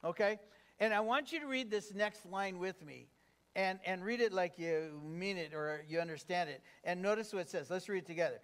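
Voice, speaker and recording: A man's voice: high-pitched, normal speed, fairly bright tone. A man preaching a sermon as pastor, conversational and engaging, often asking the congregation questions. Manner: conversational with fillers.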